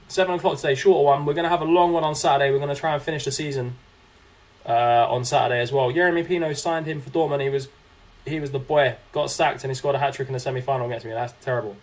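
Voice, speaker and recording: Fast-talking and fairly even in intonation, this young man has a mid-range voice. He's live-streaming his own game, chatting casually as he reacts to the play and reads viewers' messages aloud to respond to them.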